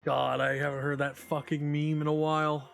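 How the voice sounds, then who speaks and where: A man's voice: fairly high pitch, little pitch movement, normal speed, vocal fry, fairly bright tone, soft background music. A man live-streaming a video game, chatting casually with viewers in a profane, rambling, joking way.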